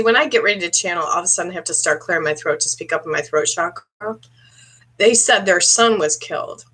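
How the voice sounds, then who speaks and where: A woman psychic medium giving a live-stream reading, speaking haltingly and clearing her throat often as she asks a viewer questions. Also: fairly low pitch, pushed and bright. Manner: halting, searching delivery with frequent throat clearing; addresses a viewer directly with questions.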